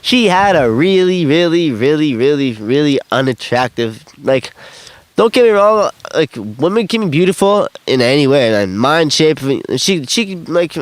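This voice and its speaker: Outdoors on the grass, a young man tells stories from his own life in a casual interview. His voice is slightly high, very animated and a bit slow, with no echo. He rambles, swears, laughs often, acts out quotes and even freestyles.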